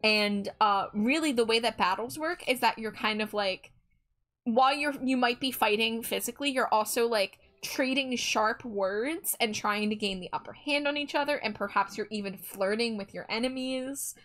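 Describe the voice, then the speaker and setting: Faint music plays behind a woman whose voice sits on the high side, slightly bright and at a normal speed. She's drawing on a live stream, chatting casually with viewers and bubbly and giggly as she reads their messages aloud.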